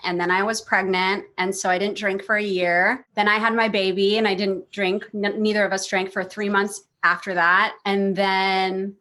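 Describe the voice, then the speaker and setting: A woman in her thirties tells a chaotic personal story with a bright, forward voice. She swears casually and slips into the voices of the people she quotes, keeping the telling animated. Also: mid-range voice, moderate pace, few pauses. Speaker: podcast guest, therapist.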